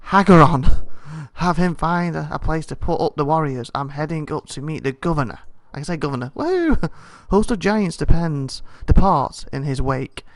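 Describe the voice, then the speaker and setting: A man's voice: a little high, normal speed, hardly any pauses, no room sound. A man playing a video game and reading its text aloud, tripping over names and adding joking asides. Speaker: let's play host.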